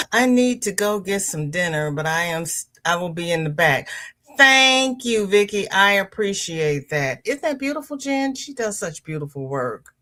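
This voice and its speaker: Slow-talking woman hosting a crochet livestream. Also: lively intonation. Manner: greets viewers warmly by name, reads chat aloud; leisurely, chatty, with pitch jumps on greetings. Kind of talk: casual livestream chat reading comments.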